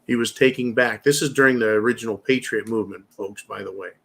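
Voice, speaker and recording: A man's voice: medium pitch, quick pace, a bit bright, husky. A man in his fifties hosting a preparedness channel, talking straight to his viewers in a blunt, fired-up monologue and swearing freely. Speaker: prepper channel host. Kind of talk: opinionated monologue.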